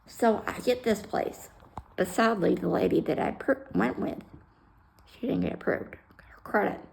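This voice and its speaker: A woman's voice: medium pitch, a little slow, gravelly, darkish tone, slight background noise, poor audio. A woman casually telling a personal story on her vlog, blunt and heated, swearing freely and sometimes dropping almost to a whisper.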